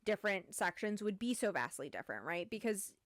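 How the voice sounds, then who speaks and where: A woman from Michigan talks through a book in a relaxed, rambling way, filling pauses with ums. Her voice sits at an ordinary pitch. The sound is dry and close to the mic. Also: no room sound. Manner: chatty, many "um"s and "like"s. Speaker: book club podcast host. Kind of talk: casual chat and book summary.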